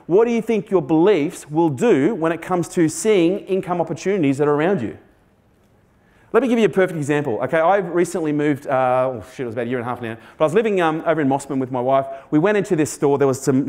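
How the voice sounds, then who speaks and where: A man's voice: on the high side, a little mellow. A man giving a motivational keynote, blunt and sweary, quizzing the audience. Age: 40s. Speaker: keynote speaker. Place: stage before a live audience.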